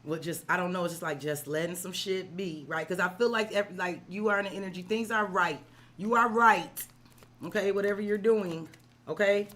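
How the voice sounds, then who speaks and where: A woman's voice: lowish voice, fairly quick. A woman reading tarot on a live stream, talking to the client in casual, profane slang and checking in with them often. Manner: addresses the client directly, checking in with "right?". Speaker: tarot reader.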